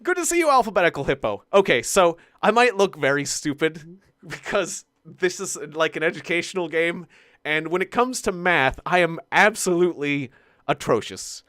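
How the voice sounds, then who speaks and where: A man's voice: fairly high pitch, normal speed, a bit bright, no room sound, clean studio sound. A man streaming a game live, talking nervously to chat with lots of stammered restarts and self-mocking laughs. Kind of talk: live gameplay commentary. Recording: game music playing behind. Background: game music.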